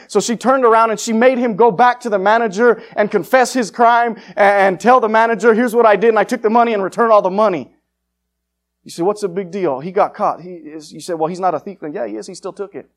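A man preaching an evangelistic sermon, confrontational and fiery, swinging between loud urgent lines and hushed ones. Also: high-pitched, fairly even intonation, fast.

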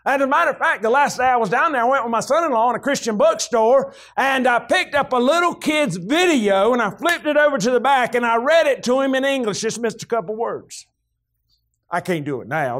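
Here the Southern-accented, high-voiced pastor delivers his folksy sermon in an expressive, fairly quick way, like he's spinning a yarn for friends. Getting fired up, he lets his pitch rise until it cracks into loud shouting.

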